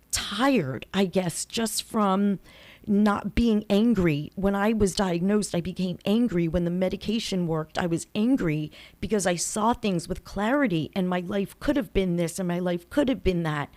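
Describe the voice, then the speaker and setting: A woman's voice: mid-range voice, a little mellow. A woman in her forties hosting a motivational podcast, talking in a candid, chatty and emphatic way. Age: 40s. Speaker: podcast host. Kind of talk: motivational monologue.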